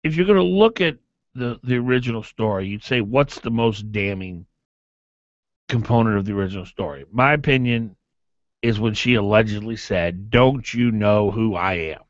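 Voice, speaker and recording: A man's voice: lowish voice, moderate pace, no room sound. A man hosting a morning talk radio show, arguing his opinions emphatically and reading ads. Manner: emphatic, animated, argumentative. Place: radio studio. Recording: dull, dry AM radio broadcast.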